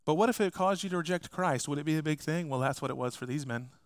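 A man's voice: a little high, fast, dry recording. A man preaching a sermon as pastor, emphatic and speaking straight to his congregation. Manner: emphatic, addresses the congregation directly.

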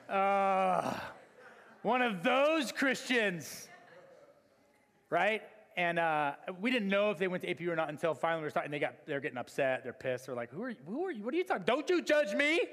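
A male pastor preaching a sermon, telling stories in an animated way with many fillers and restarts. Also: fairly high pitch. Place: church hall. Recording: long church hall reverb.

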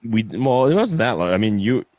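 A man's voice: fairly low pitch, very animated, moderate pace, a little mellow, dry recording. A young man hosting a podcast in loose, laughing casual chat, swearing freely. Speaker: podcast host.

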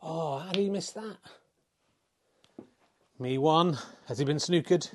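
Middle-aged man, slightly high voice, wry deadpan snooker-style commentator. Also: slow pace, slight background noise. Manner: wry, self-mocking, swears in mock exasperation. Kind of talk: mock sports commentary.

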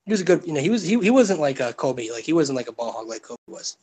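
A man's voice: on the high side, sing-song, fast talker, a little mellow, breathy edge. A man co-hosting a casual chat, talking in profane, emphatic rants. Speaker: podcast co-host.

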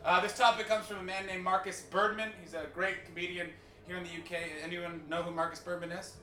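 A Canadian man doing loud, swearing stand-up crowd work as the host of a live podcast show. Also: high voice, level tone, brisk, a little hiss or hum. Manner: loud, swearing, riffing with the audience. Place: small live comedy venue. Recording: roomy live room, distant mic, audience. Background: audience laughter.

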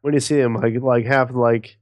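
A man's voice: mid-range voice, fairly even intonation, normal speed, a little mellow, dry recording, studio quality. Rambling filler-heavy podcast co-host man. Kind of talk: casual comedy chat.

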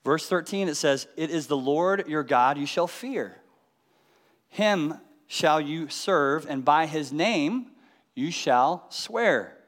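A man's voice: fairly high pitch, lively intonation, takes it slowly, fairly bright tone, in a large hall. A man giving a teaching sermon, explaining scripture and asking his listeners rhetorical questions. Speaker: Bible teacher.

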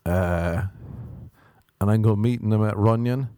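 A man's voice: lowish voice, a little slow, mellow, no room sound. A young Irish man hosting a podcast, telling rambling, self-mocking stories on his own. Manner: meandering, self-mocking storytelling. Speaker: podcast host. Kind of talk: rambling solo podcast monologue.

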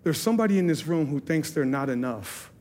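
A man's voice: fairly high pitch, expressive, fairly quick, a little mellow. A man preaching at a church service, telling his own story in an earnest, confessional way. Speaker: pastor. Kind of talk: sermon testimony.

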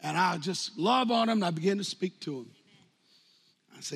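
A man in his fifties preaching a sermon as pastor, animated, jumping from loud outbursts to hushed lines and acting out quotes. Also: high voice, normal speed, vocal fry, husky. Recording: long hall reverb.

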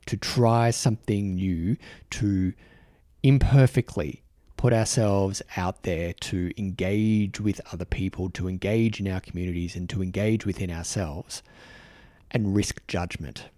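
Aussie guy doing a heartfelt solo podcast, a bit low-voiced, keeps restarting his sentences, dry close sound. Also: fairly even intonation, mellow, no room sound. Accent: Australian. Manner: earnest, halting, many restarts. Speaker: podcast host. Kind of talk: reflective solo talk to camera. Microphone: microphone in front of him.

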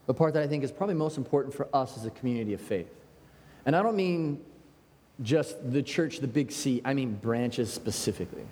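An American man preaching a sermon in a conversational, animated way, with quoted asides. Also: mid-range voice. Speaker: pastor. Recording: long hall reverb.

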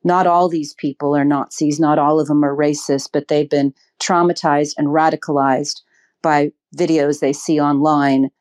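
A woman's voice: sits low, steady tone, moderate pace, darkish tone. A woman speaking as an interview guest, earnest and emphatic, with ums and restarts as she thinks aloud. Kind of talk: political interview.

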